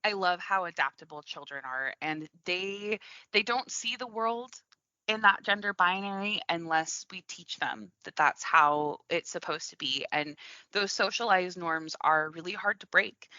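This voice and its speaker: A woman with a low, bright-toned voice talks earnestly and reflectively on a podcast, often restarting her sentences. The recording is dull and lo-fi, with a dry sound. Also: a little slow, no echo. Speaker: podcast co-host. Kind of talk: casual podcast chat.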